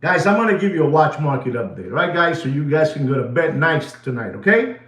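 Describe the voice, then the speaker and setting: Animated man giving emphatic watch advice. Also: a little fast, roomy sound, noisy background. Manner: emphatic, repetitive, dramatic pitch swings. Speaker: watch dealer hosting market update. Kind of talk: casual market update monologue.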